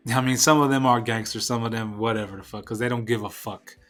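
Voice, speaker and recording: A man's voice: mid-range voice, steady tone, quick pace, a bit bright, faint music behind. A young man hosting his own podcast, talking in a blunt, profane, fired-up rant. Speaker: podcast host. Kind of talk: casual solo podcast rant.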